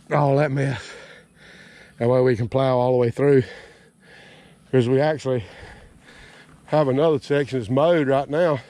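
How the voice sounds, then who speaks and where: A man's voice: medium pitch, a little mellow, no room sound. A man, out of breath, rambling through a folksy, self-deprecating homestead vlog outdoors in a garden field. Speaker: homesteading vlogger. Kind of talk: casual outdoor vlog narration.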